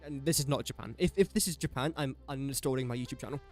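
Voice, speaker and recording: A man's voice: medium pitch, quick pace, soft background music. A young English man casually commentating his own live game stream, chatty and self-mocking, muttering guesses as he plays. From England. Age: young adult.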